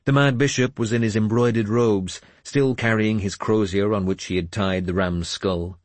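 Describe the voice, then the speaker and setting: A man narrating a first-person audiobook in a measured, expressive way on a close studio mic. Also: lowish voice, no echo.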